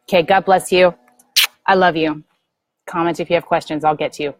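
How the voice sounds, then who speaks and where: A middle-aged woman speaking earnestly to viewers as a spiritual teacher, gently guiding them through a prayer practice. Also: fairly low pitch, steady tone, fairly quick, a little hiss or hum, low-quality recording. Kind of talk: earnest spiritual talk to camera.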